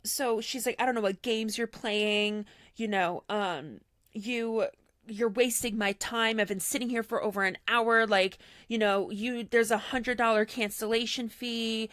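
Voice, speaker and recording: A woman's voice: fairly high pitch, measured pace, no room sound, studio quality. A woman co-hosting a casual podcast, animatedly retelling a story with lots of "like" and quoted dialogue. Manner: animated retelling, heavy use of "like", quoting others in her own voice. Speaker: podcast co-host.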